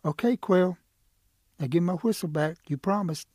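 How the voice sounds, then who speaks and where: A man's voice: high voice, moderate pace, warm tone, no room sound. A man voicing a cautious old male turtle in a told animal story, hesitant and fretful.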